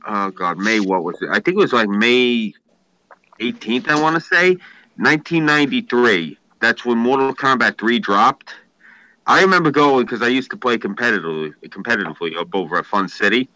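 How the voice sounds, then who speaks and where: A man's voice: medium pitch, expressive, moderate pace, pushed and bright, no echo, low-quality recording. A man from Queens, telling rambling, profane stories as a podcast host in casual chat. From Queens, New York.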